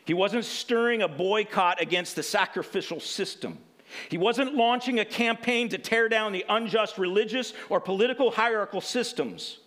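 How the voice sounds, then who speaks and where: A man preaching a sermon, animated, often laughing and restarting phrases, then reading a passage aloud. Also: sits high, moderate pace.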